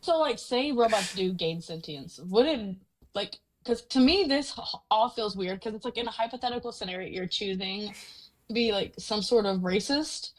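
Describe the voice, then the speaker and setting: A woman on a livestream debate panel, chatting casually in a blunt, animated way. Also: medium pitch, normal speed, low-quality recording.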